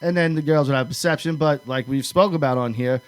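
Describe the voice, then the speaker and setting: A man's voice: a little high, brisk, clean tone. A man from New York telling wild stories in casual chat, cursing freely and acting out his friends' lines. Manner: profane, animated storyteller acting out friends' lines. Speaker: podcast co-host.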